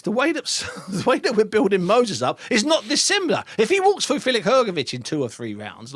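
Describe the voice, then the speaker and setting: A middle-aged man talking boxing in a podcast chat. His voice sits a little high and swings widely in pitch. He cuts in readily and leans hard on key words. The sound is dry and close. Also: no room sound. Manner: animated, quick to chime in, with emphatic swings in pitch. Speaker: boxing broadcaster.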